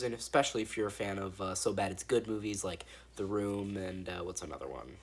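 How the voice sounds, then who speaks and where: A man's voice: low-pitched, fast talker, slightly rough. A man giving a casual, rambling movie review, swearing freely and restarting his sentences. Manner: rambling and profane, with frequent restarts.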